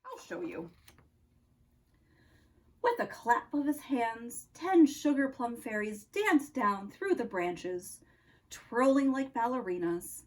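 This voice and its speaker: Slow, expressive woman reading a storybook. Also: fairly high pitch, poor audio. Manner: expressive, slow, dramatic pauses. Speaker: storyteller, counselor. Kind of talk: storybook read-aloud.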